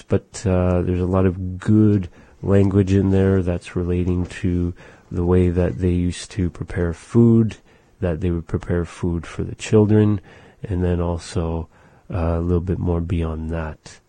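A man co-hosting a casual language-lesson chat, relaxed, explaining phrases and repeating them slowly. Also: low voice, no echo. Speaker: language show co-host.

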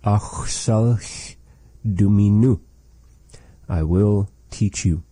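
A man teaching a language lesson, saying phrases slowly and carefully and repeating them for learners. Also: on the low side, warm tone, no echo.

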